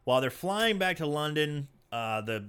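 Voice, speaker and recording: A man's voice: fairly high pitch, normal speed, smooth. A man in casual chat, retelling a film scene by scene, cursing freely and acting out the lines. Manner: animated, swears, acts out movie lines in put-on voices. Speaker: podcast co-host recapping a movie.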